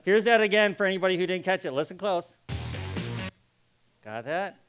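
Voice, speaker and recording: A man's voice: high-pitched, animated, fast, fairly bright tone, soft background music. A man giving an interactive live presentation to an audience, acting out sample phrases to show how tone changes meaning. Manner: demonstrative, acts out sample phrases.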